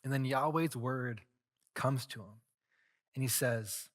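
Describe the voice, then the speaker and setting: A man preaching a sermon as pastor, telling a story earnestly with dramatic swings in loudness. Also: medium pitch, measured pace, pauses often.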